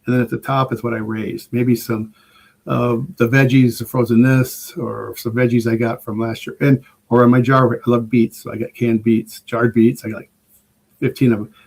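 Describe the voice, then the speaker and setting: Older man, podcast guest, rambling enthusiastic storyteller, casual, average pitch. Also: flat delivery, moderate pace, vocal fry, a little mellow, slightly rough. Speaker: guest preparedness expert.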